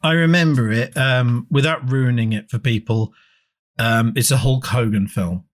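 A man's voice: medium pitch, normal speed. Sweary rambling podcast co-host man. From England. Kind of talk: casual chat.

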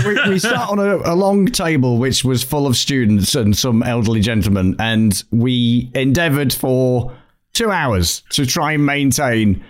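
A man co-hosting a casual podcast, telling an anecdote in an animated way. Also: medium pitch, moderate pace. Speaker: podcast co-host. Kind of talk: casual chat.

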